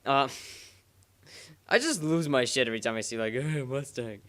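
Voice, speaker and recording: A man's voice: mid-range voice, very animated, moderate pace, a bit bright, clear, resonant tone. A man giving let's-play commentary over a racing game, rambling and joking at his own expense. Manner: rambling, self-mocking, jokey.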